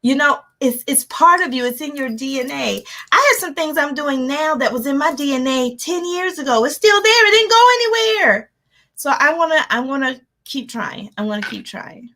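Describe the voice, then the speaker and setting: Animated high-voiced woman life coach. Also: normal speed. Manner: animated, laughs often, acts out her own reactions. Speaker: life coach hosting a live motivational session. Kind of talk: energetic motivational talk.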